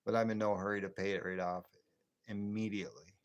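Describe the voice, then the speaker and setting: On a late-night livestream, a man in his late fifties from the northern US near the Canadian border rambles and chats casually, chuckling to himself. His voice is lowish and flat, he talks a little fast, and the recording sounds muffled.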